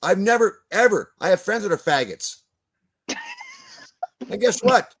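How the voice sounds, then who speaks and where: A man's voice: high-pitched, expressive, measured pace, a bit bright, breathy edge. An older man, ranting bluntly as a guest in a video-call discussion, swearing and stumbling over repeated words. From Canada.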